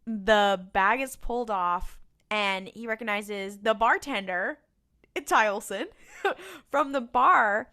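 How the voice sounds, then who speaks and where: A woman's voice: mid-range voice, takes it slowly, sharp tone. A woman co-hosting a podcast, recapping a TV episode in a rambling, casual way with lots of fillers and frequent laughter. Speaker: podcast co-host.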